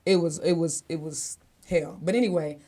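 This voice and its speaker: Low-voiced woman telling a story candidly. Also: fairly even intonation, normal speed, warm tone. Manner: candid and blunt, swears freely; conversational, speaks directly to listeners. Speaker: podcast co-host. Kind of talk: casual podcast storytelling.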